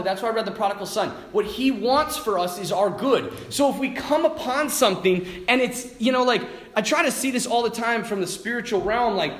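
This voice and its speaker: A priest giving a sermon, telling a personal story in a lively way, laughing and restarting his sentences. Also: sits high, roomy sound, a little hiss or hum. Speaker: priest, vocation director.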